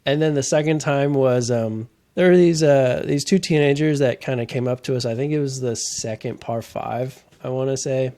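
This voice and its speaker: A man's voice: mid-range voice, moderate pace, few pauses, warm tone. A man in a casual podcast chat, telling rambling golf stories and laughing often mid-sentence.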